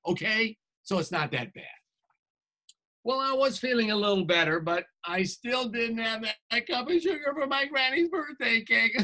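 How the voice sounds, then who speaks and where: A playful American man with a high, bright voice reads a children's storybook aloud over a video call. He hams it up and pulls the listening kids into the sound effects. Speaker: TV news anchor reading to a class.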